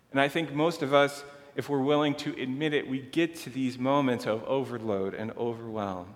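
A man's voice: mid-range voice, moderate pace, hardly any pauses. Man preaching in a reverberant hall. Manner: earnest, conversational preaching, softening to a hushed tone. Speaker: pastor. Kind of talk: sermon. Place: church sanctuary. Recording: long church hall reverb.

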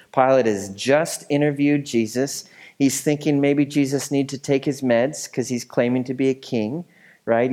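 A man's voice: medium pitch, darkish tone. Casual, conversational male pastor. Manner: casual, conversational teaching with fillers and asides. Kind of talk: sermon.

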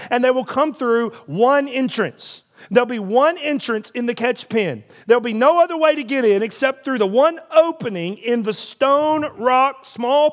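A man preaching a sermon, building emphasis through repeated phrases and rhetorical questions. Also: sits high. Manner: preaching with rising emphasis and repetition. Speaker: pastor.

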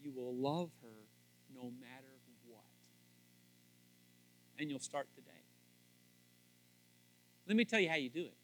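A man preaching a sermon on marriage, swinging from quiet asides up to loud, fervent emphasis. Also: lively intonation, a little slow, pauses often. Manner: rising to loud fervent emphasis, then dropping low; acts out little scenes in voices. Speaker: pastor.

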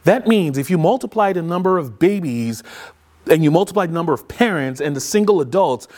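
A man preaching with a high, lively voice that swings widely in pitch. He retells the story in an animated way and acts out the voices he quotes. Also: brisk. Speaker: pastor. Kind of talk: sermon podcast.

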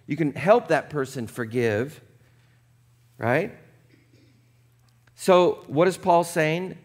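A man preaching a conversational sermon, casual and chatty, often checking in with the congregation and dropping low and quiet for earnest points. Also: animated, takes it slowly. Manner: casual and chatty, with frequent "like" and "right?". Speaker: pastor.

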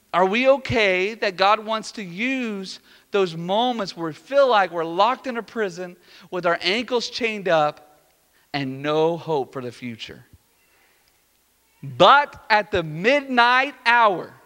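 A man preaching a sermon to a congregation. He is animated and playful, acting out prayers and dialogue with sudden loud, raised lines. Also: high voice, clean tone, in a large hall. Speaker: pastor. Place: church sanctuary.

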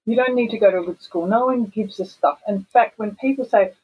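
An Australian woman talks as an interview guest, animated and frank, leaning hard on her points. Her voice has a husky edge and sits at an ordinary middle pitch. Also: fairly quick, poor audio. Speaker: guest, voice actor and singer. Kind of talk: casual interview chat.

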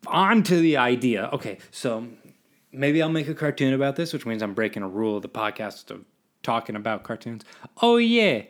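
A man's voice: medium pitch, a little fast. A man, hosting a solo podcast and rambling between topics in a self-deprecating way. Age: 20s. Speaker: podcast host.

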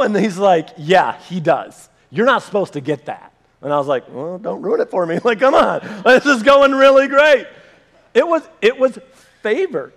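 A man with a high voice preaches a sermon. He tells a personal story and acts out the back-and-forth dialogue with animation. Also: expressive, moderate pace. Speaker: pastor.

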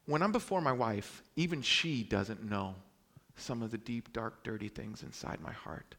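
A young adult man from Brooklyn preaching a sermon, telling stories with dramatic swings between loud exclamations and hushed, quiet lines. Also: fairly low pitch, animated, moderate pace.

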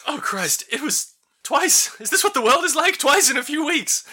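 A man doing a frantic, high-pitched old father. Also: big pitch swings, normal speed, bright, forceful tone, exaggerated voice. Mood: alarmed. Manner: high, strained, exclaiming. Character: frantic older father, shaken by attacks.

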